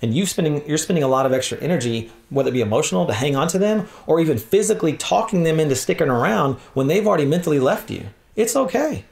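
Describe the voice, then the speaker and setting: Man, gravelly voice, leadership talk, sermon style, animated, acts out quotes. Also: on the high side, quick pace, few pauses. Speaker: conference speaker on church leadership.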